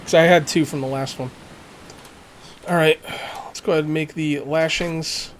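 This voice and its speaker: Male let's-player, chatty think-aloud commentary, slightly high voice, faint game sound behind. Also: steady tone, moderate pace, slight background noise. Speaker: let's play gamer. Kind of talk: casual gameplay commentary.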